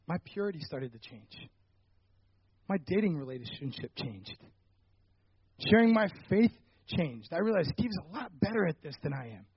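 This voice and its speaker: Young man, high voice, animated testimony storyteller, dull dry recording. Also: husky, no room sound. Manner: animated storytelling, rising loud when retelling anger. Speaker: ministry leader telling a personal story. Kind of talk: personal testimony talk.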